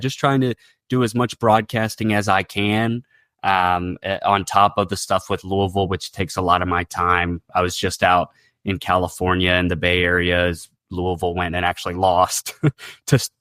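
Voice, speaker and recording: A young man in his twenties speaks as a guest on a podcast, earnest and casual, often repeating words as he finds his way. His voice sits very low. The sound is dry and close. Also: a bit bright, no room sound. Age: 20s. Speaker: guest radio broadcaster. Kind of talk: casual interview chat.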